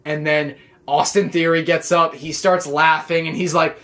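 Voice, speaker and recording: A man recapping a wrestling show in a casual, excitable, rambling way, full of "like" and restarts. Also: a little high, moderate pace. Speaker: wrestling reaction vlogger.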